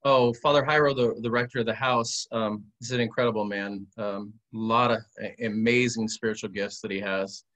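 A man sharing a personal testimony as a guest, in an animated, conversational way with frequent restarts. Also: fairly low pitch, normal speed, few pauses. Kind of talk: casual testimony storytelling.

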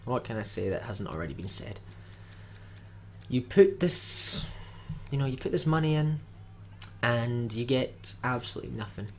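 A man's voice: medium pitch, lively intonation, moderate pace, pauses often, soft background music. Grumbling man opening game packs. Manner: dry, grumbling, jokey asides. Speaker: gaming video host. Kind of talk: casual commentary while opening card packs.

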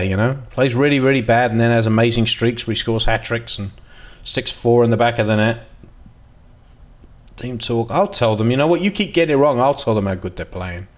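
A man giving casual, excitable commentary while playing a football management game, dropping to mutters and jumping to loud outbursts. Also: medium pitch, a little fast. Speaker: gaming video host.

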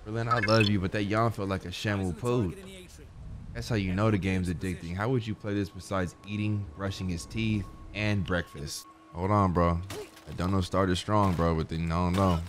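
A man's voice: low-pitched, steady tone, normal speed. Laid-back slangy young man streaming. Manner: laid-back, slangy, says bro a lot. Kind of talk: casual gaming livestream commentary. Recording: game music playing behind.

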